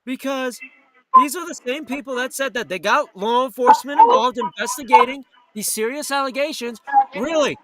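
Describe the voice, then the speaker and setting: Heated and profane, a live talk radio host from New York or Florida tears into an indignant, angry rant. His voice is very high-pitched. The audio is poor, with loud background noise.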